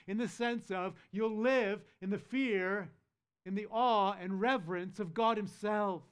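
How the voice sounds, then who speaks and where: A man's voice: sits high, steady tone, measured pace, clear, resonant tone. A man preaching a sermon, emphatic, repeating key words and putting questions to the congregation. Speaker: pastor.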